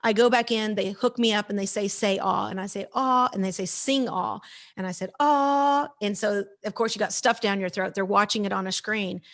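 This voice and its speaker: A woman in her fifties tells her story as a guest in an interview. She talks with emphasis and energy, and she plays out what others said. Her voice sits at an ordinary pitch for a woman. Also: a little fast. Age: 50s. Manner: energetic, emphatic storyteller who acts out quoted lines. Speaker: guest speaker.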